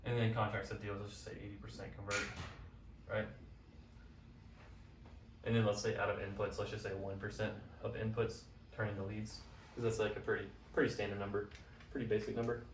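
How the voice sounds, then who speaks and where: A man's voice: lowish voice, level tone, a little fast, long pauses. Casual young man teaching at a whiteboard. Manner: casual, upbeat, slangy explaining. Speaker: business coach. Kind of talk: whiteboard business lesson. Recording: roomy, from a distance, faint noise.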